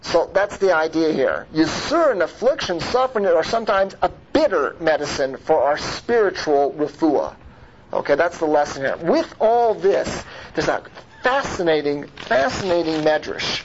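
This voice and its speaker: A man's voice: on the high side, animated, normal speed. A man teaching a Torah class. He asks rhetorical questions, keeps checking in with his listeners, and mixes Hebrew terms into his English. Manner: rhetorical, checks in with "right?" and "okay?". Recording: muffled lo-fi recording with faint noise.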